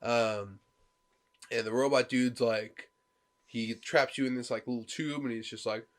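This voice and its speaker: A podcast co-host chatting casually about video games tells stories with plenty of energy, voicing the game characters' lines as he goes. He's a man with a medium-pitched voice and a measured pace.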